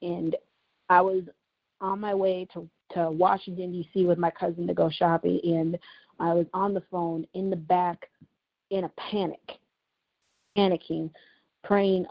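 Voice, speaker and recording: A woman's voice: fairly low pitch, level tone, measured pace, long pauses. A woman host recounting a painful personal story in an earnest, emotional monologue, repeating herself for emphasis. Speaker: podcast host and writer. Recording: dull lo-fi recording.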